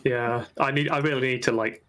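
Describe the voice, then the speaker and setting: A man's voice: mid-range voice, fairly even intonation, fairly quick, a bit bright. A man who greets his stream chat and tells rambling, jokey stories full of restarts. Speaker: streamer and player.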